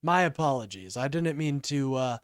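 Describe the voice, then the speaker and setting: Lively-voiced male livestream host. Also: mid-range voice, clear, resonant tone, no echo, studio quality. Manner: halting, quick to apologize, laughs often. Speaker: livestream host taking call-ins. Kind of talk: casual political livestream chat.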